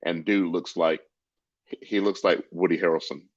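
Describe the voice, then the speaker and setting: A man's voice: deep voice, fairly even intonation, moderate pace, dry recording, lo-fi sound. A man co-hosting a casual talk show, chiming in with laid-back joking asides. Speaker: podcast co-host. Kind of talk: casual chat.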